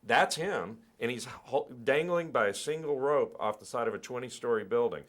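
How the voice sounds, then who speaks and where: Speaking at a normal speed in a medium-pitched voice, a middle-aged male film director explains himself thoughtfully and at length during a relaxed interview. He often restarts and repeats words.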